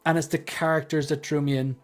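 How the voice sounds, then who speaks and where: A man's voice: a little high, little pitch movement, soft background music. Joking man hosting a livestream. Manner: joking, quick asides to chat. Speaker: livestream host. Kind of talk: casual panel chat.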